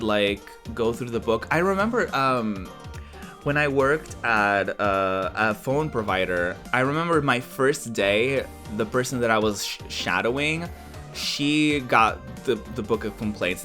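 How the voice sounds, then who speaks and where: A man casually chatting on a livestream, rambling with lots of filler words and animated storytelling. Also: medium pitch. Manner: animated storytelling, laughs often. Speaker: streamer.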